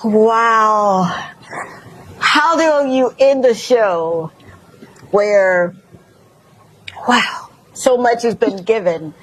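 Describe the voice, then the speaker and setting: A woman's voice: on the high side, extremely slow, pauses often, low-quality recording. A woman with a Mississippi accent hosting a talk show, giving effusive, preacher-like encouragement to her audience.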